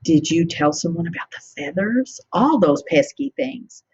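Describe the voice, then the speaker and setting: A woman teacher reading a picture book to children, pausing often to ask them questions. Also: low-pitched, expressive, dull audio, slight background noise. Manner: warmly interactive, asking children questions.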